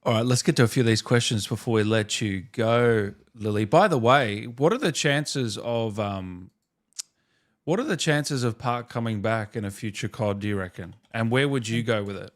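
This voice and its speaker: A man's voice: medium pitch, normal speed. A man hosting a casual interview, asking curious questions with friendly hesitations. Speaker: host.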